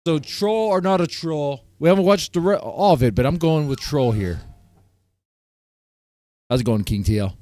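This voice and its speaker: A man's voice: a little high, moderate pace, pauses often, mellow. A man hosting a casual live-stream panel, ranting and repeating himself, breaking into laughter often. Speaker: stream host.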